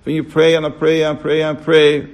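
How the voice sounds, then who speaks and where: A man's voice: on the high side, monotone, moderate pace. A man teaching a casual religious class, repeating words and firing rhetorical questions at his listeners. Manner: checks on listeners with short asides. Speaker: Torah teacher.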